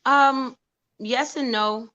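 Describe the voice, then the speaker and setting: A woman producer and actress talking as a guest in a casual interview, lively and outspoken. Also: high voice, extremely slow, highs cut off.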